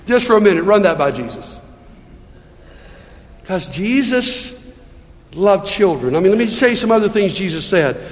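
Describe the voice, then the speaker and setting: A man preaches from the pulpit with a high, earnest voice, pleading with his congregation through rhetorical questions. His words ring out with a long reverb that fills the church hall. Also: lively intonation, fairly quick. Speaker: pastor. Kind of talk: sermon. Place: church sanctuary.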